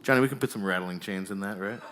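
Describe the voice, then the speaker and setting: A man with a voice on the low side emcees a live comedy show at a bar, the room very noisy. His audience directions ramble and halt, laced with jokes and plenty of fillers.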